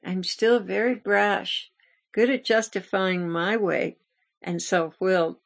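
A woman's voice: mid-range voice, fairly even intonation, slow, creaky. A woman hosting a ministry channel, telling a story in an earnest, confessional way as part of a devotional message. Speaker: ministry host.

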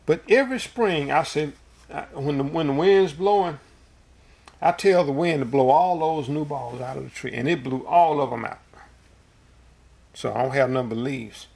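A preacher delivering a sermon in a gravelly, husky voice. He talks in a folksy, storytelling way, full of homespun asides. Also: on the high side, moderate pace, darkish tone.

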